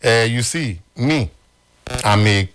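A man's voice: medium pitch, animated, slow, fairly bright tone, a little hiss or hum. A man with a Nigerian accent, a guest on a talk show, speaking in an emphatic, preachy way.

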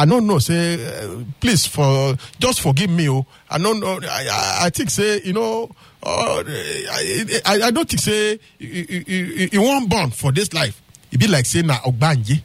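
A man's voice: a little high, no room sound, pitched below the performer's own voice, full character voice. A man voicing a grave old native doctor giving advice, speaking with a Nigerian Pidgin accent.

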